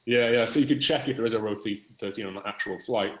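A man's voice: on the low side, quick pace, a bit bright. A man, a podcast guest chatting in a wry, rambling way. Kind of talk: casual podcast chat. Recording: echoey room.

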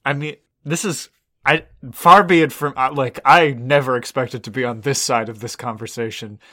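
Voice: medium pitch, steady tone, moderate pace, sharp tone. A player in a tabletop role-playing game, teasing and wry, laughing often. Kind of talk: tabletop role-play banter.

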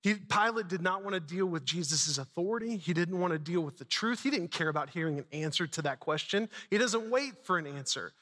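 A man's voice: high-pitched, animated, a little fast, few pauses, pushed and bright, in a large hall. A man preaching a sermon, retelling a story dramatically with casual asides. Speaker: pastor.

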